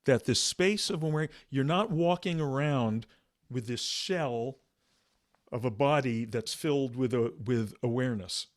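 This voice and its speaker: A man leading a meditation discussion, speaking softly and reflectively with halting restarts. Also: mid-range voice, no room sound, clean studio sound. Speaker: meditation teacher.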